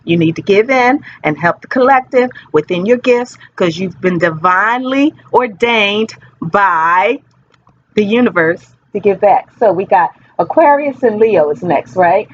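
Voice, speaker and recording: A woman's voice: medium pitch, animated, unhurried, a little hiss or hum. Woman tarot reader, casual rambling vlog delivery, dull lo-fi recording with faint background ambience. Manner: chatty, rambling, playful.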